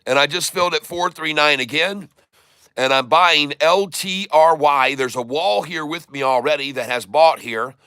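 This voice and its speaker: A man talks through his live stock trades and calls out each price and fill as it happens. His voice is bright and smooth. The sound is dry and close. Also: on the high side, dry recording. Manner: running commentary, repeating tickers slowly. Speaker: stock trading streamer. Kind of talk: live day-trading commentary.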